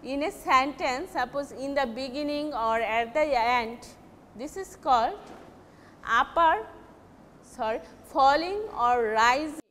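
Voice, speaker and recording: A woman teaching an English lesson, explaining slowly and often restarting or correcting herself. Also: high-pitched, fairly bright tone. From Bangladesh. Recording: reverberant hall with faint noise.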